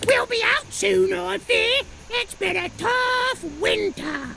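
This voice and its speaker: A woman's voice: very high-pitched, slow pace, vocal fry, bright, forceful tone, faint music behind, full character voice. A woman voicing a worried old-fashioned wife in a video game, pleading dramatically. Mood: fretful.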